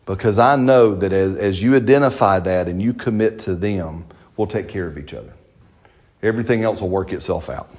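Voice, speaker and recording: A man's voice: low-pitched, a little fast, a little mellow. A man preaching a sermon as pastor, folksy and joking, with slang and playful asides to his congregation.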